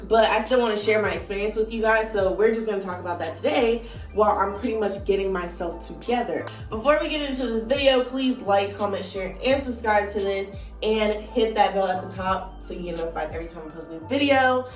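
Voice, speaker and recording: A woman's voice: mid-range voice, brisk, recorded from a distance. Chatty twenty-something woman with groggy morning voice. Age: 20s. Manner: chatty and playful, lots of "like" and "you know". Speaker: vlogger. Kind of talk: casual story time vlog. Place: at home while doing her morning routine. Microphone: phone on a moving gadget. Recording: echoey room, phone set back, soft music behind.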